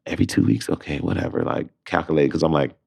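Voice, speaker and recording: A man with a very low, deep bass voice tells his story with great animation, jumping into the voices of the people he talks about. He is a young adult from Detroit and a Broadway performer, speaking as a podcast guest in casual conversation. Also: fast talker, creaky, slightly rough. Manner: lively storyteller who acts out both sides of phone calls.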